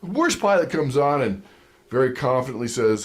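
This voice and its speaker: A man's voice: medium pitch, normal speed. A man giving a sales training lecture, telling stories and acting out quotes with chuckles. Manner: animated storytelling with acted-out quotes and chuckles. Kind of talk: lively seminar lecture.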